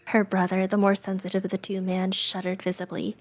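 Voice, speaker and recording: A woman reading a spooky story aloud, narrating in a soft, often whispery voice. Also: medium pitch, completely flat delivery, a little fast, hardly any pauses.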